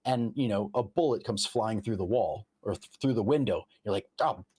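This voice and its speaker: A man's voice: lowish voice, moderate pace, dark tone, slightly rough. A man, the game master, explaining tabletop game rules in casual chat, walking through them step by step with examples and restarting his sentences.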